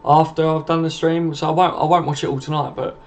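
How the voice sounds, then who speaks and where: The audio here is dull, lo-fi stream sound with faint noise. A young man hosting a late-night live stream at home reads viewer comments out loud and answers them casually, swearing freely, in a fairly high-pitched, level voice at a fairly quick pace.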